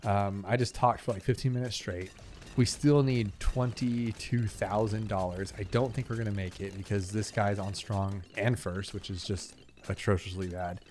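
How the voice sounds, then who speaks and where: A man's voice: lowish voice, steady tone, moderate pace, darkish tone, slight background noise. A young man rambling casually while he plays and talks through a video game, full of fillers and asides. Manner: chatty, rambling, filler-heavy. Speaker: gaming channel host. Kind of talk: rambling casual gameplay chat.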